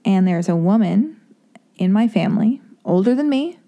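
Woman, young adult, solo podcast host; loose, filler-heavy, self-deprecating chat, warm low tone. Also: animated, moderate pace, muffled recording. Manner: chatty and rambling, heavy on fillers, self-mocking. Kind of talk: casual solo podcast intro.

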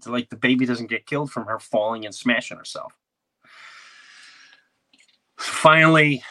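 A man hosting a podcast who tells a comedic story in an animated, rambling way and acts out the quotes. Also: medium pitch. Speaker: podcast host.

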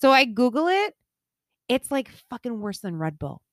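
A woman telling a story in casual chat, animated, swearing freely and acting out the voices. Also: on the high side, moderate pace, no echo, studio quality. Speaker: storyteller in a conversation.

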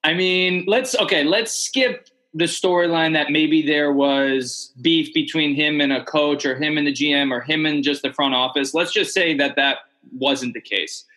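A man hosts a podcast and asks his guest questions in a relaxed, casual way. His voice is bright and forceful, and it sits a little high. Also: moderate pace. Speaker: podcast host. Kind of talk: casual chat.

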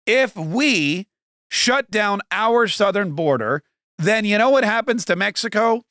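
A man's voice: sits high, lively intonation, unhurried, pushed and bright, no echo, studio quality. Sarcastic man hosting a political podcast. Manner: sarcastic, rambling, jokey asides. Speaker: podcast host. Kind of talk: political commentary monologue.

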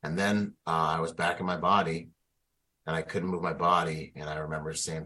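A man's voice: rumbling low, moderate pace. A man, a military veteran, telling a personal story in a conversational, slangy way with frequent laughter. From United States. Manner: animated, slangy, laughs often. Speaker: guest, Marine veteran.

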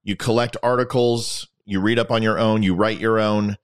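Guy hosting his own show, lowish voice, rambling and sarcastic. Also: steady tone, moderate pace, clean tone. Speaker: podcast host. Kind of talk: casual monologue.

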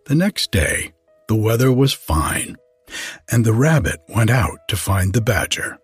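Slow, husky-voiced male storyteller. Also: lowish voice, sing-song, no echo, faint music behind. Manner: measured, unhurried. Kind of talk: storybook reading.

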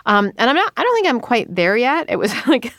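A woman in her thirties, an author, talking candidly in an interview, earnest and quick with frequent restarts. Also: on the high side, big pitch swings, a bit bright, no room sound, studio quality. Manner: earnest, rushed, many restarts and quoted self-talk.

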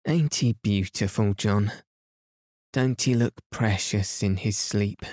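A fond, bustling young mother fusses over her husband and baby, as a male narrator gently puts her on. The voice stays low and unhurried, with a dry, close sound. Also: no room sound. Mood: scolding fondly. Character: cheerful young wife and mother, fussing.

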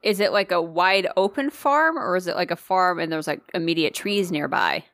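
A woman's voice: fairly low pitch, expressive, normal speed, fairly bright tone, no room sound, studio quality. A woman co-hosting a podcast, chatting bluntly and casually, with profanity and questions. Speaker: podcast co-host. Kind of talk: casual chat.

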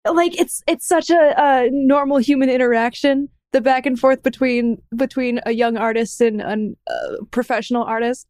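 A woman co-hosting a casual chat, playful and quick to laugh. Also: sits high, steady tone, a little mellow, no room sound, clean studio sound. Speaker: podcast co-host.

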